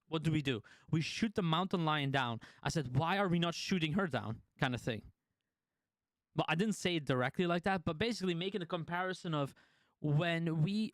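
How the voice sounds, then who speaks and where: A man's voice: on the high side, dry recording, studio quality. A man streaming live, casually chatting to his viewers and telling a story, swearing freely and laughing often.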